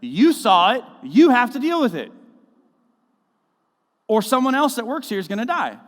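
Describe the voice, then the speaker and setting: A preacher mimicking a hard-nosed snake-hunting boss, emphatic and raised in pitch. The words bounce around a reverberant church hall. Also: male voice, expressive, a little fast. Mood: insistent. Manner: insistent, emphatic, loud. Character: urgent male work boss, hard-nosed snake hunter.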